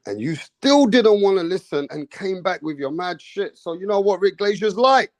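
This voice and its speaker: A man's voice: high-pitched, lively intonation, moderate pace, dry recording. A man hosting a live boxing talk stream, blunt and swearing, teasing a chat member.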